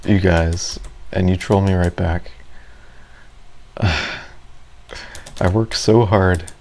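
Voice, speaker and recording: A man's voice: low-pitched, a little mellow, slight background noise. A man giving casual, rambling commentary over his own gameplay, self-deprecating and full of fillers. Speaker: gaming video creator.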